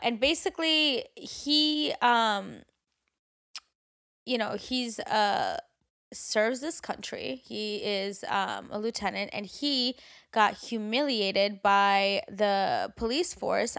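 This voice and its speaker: A woman co-hosting a casual chat show, talking in an animated way with lots of fillers and frequent swearing. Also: medium pitch. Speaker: podcast co-host.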